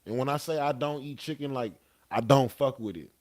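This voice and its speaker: A man's voice: mid-range voice, fairly quick. Laid-back, profane young man storyteller. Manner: laid-back, profane, peppered with "you know what I'm saying". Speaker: podcast guest. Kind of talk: casual storytelling.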